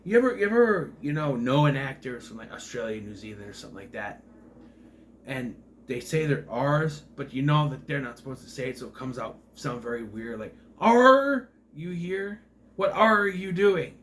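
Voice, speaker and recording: A man's voice: mid-range voice, lively intonation, brisk, a little hiss or hum. A man talking through a movie review in a casual vlog, rambling, sarcastic and exasperated.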